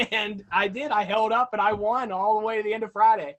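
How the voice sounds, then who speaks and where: Enthusiastic man telling stories, higher voice. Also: a little fast. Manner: animated, enthusiastic storyteller. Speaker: guest, toy-hunting video creator. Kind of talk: casual interview storytelling.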